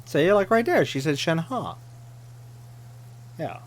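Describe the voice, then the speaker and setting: Casting: a man with a fairly high voice, exasperated let's-play commentary. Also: big pitch swings, slow. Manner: exasperated ranting, mocking voices. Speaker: gaming channel host.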